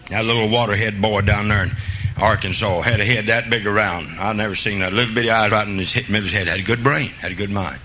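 A man preaching a sermon and telling folksy country stories, jumping between loud high bursts and low quiet asides. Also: slight background noise, low-quality recording.

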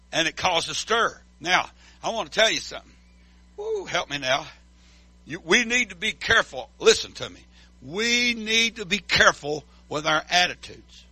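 High, bright preacher man. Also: dry recording. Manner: call-and-response preaching, swings from loud to hushed. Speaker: pastor. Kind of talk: sermon.

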